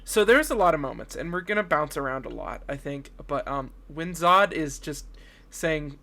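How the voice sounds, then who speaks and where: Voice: mid-range voice, lively intonation, moderate pace, creaky, very noisy. A young adult co-host in casual chat about movies, jokey, with lots of "like" fillers. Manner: jokey, acts out scenes with put-on voices. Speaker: podcast co-host.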